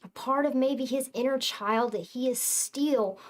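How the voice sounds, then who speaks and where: A woman's voice: high-pitched, unhurried. A woman talking to her viewers as a spiritual reader, in casual, earnest and emphatic speech that swears freely. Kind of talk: casual spiritual talk to camera.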